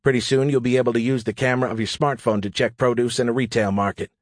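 A man voicing a brisk, practical woman logistics officer in an audiobook, explaining in a matter-of-fact way. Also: mid-range voice, fairly even intonation, no echo, clean studio sound, lightly acted. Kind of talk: audiobook character voice.

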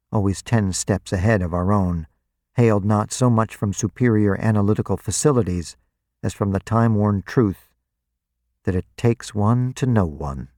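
A man reading first-person narration for an audiobook, deliberate and introspective. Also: fairly low pitch, darkish tone, no room sound, clean studio sound.

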